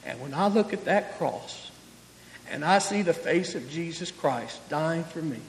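High-voiced preacher in a reverberant hall. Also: male voice, animated, a little slow, slight background noise. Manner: preaching with swelling emphasis, then dropping to soft intimate tones. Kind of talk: sermon.

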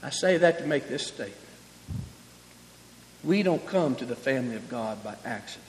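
A man preaching a sermon, rising to loud emphatic passages and falling to quiet, close tones. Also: mid-range voice, animated, moderate pace, slight background noise. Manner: preaching with swelling emphasis, then dropping to soft intimate tones. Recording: long hall reverb.

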